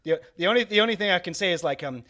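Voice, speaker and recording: Speaking rapid-fire in a high voice with lively intonation and a sharp tone, this young North Wales podcast co-host rambles through casual chat, full of fillers and false starts. His accent blends a faint Welsh lilt with southern English traces.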